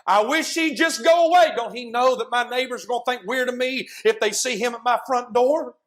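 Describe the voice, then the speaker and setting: A man's voice: extremely high pitch, fairly quick, a bit bright. A preacher playing a grumbling, irritated man. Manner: grumbling, dismissive. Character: grumpy irritated man wanting to be left alone.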